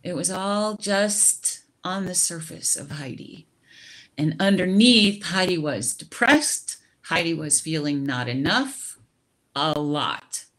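A middle-aged woman on a video call, sharing her personal experience slowly and reflectively, with frequent laughter and restarts. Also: fairly low pitch, expressive, a bit bright.

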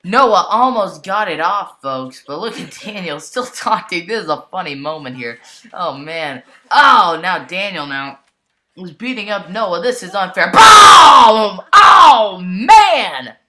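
A woman with a lowish voice delivers excitable mock play-by-play of a toy wrestling match, speaking unhurriedly amid background noise. She exclaims constantly and calls out to the folks.

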